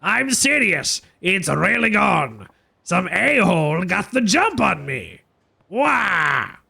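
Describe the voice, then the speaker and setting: A petty, whiny street thug from a video game, put on by a man with a nasal, cartoonish voice. He cackles and wails and swings wildly up and down. The voice is gravelly at the edges. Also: high voice, big pitch swings, slow pace, bright, forceful tone, heavily acted.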